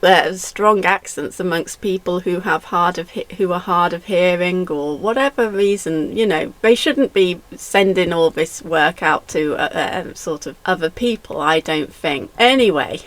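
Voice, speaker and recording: A woman's voice: fairly low pitch, expressive, unhurried, few pauses, no echo. A woman talking in a rambling, opinionated casual monologue, often laughing mid-sentence and repeating her points. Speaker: vlogger.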